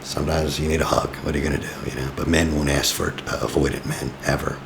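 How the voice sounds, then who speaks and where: A man's voice: rumbling low, steady tone, fast, vocal fry, noisy background. A man talking as a relationship coach in casual, blunt advice, often tossing in "you know". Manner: blunt and teasing. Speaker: attachment coach.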